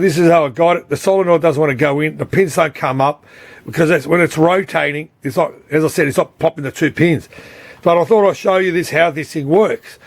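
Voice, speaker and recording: A man's voice: on the high side, dry recording. Rambling repairman, dry sound. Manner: rambling and repetitive, often says "you know what I mean"; blunt and swears freely. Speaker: repair technician. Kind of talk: casual repair explainer.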